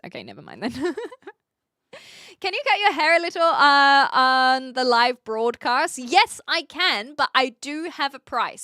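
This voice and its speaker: Bright Kiwi woman streamer chatting. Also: a little high, no room sound, studio quality. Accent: New Zealand. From New Zealand. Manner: chatty, laughs often, answers chat. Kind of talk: casual live-stream chat.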